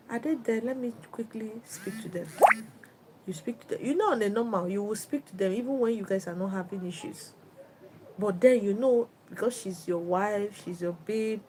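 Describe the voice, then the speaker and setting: A woman's voice: mid-range voice, darkish tone, rough recording. A woman giving relationship advice on a livestream. She talks in an emphatic, instructive way and often repeats herself.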